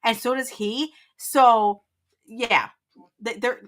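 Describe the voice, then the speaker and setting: A woman's voice: fairly high pitch, fairly even intonation, takes it slowly. A woman hosting a casual livestream, reading chat aloud, teasing and laughing often, rambling with restarts. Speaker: livestream host.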